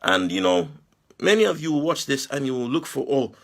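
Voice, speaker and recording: A Nigerian man giving a forceful, preachy monologue full of rhetorical questions. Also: a little high, sing-song, a little fast, vocal fry. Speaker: Muslim commentator. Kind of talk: impassioned video monologue.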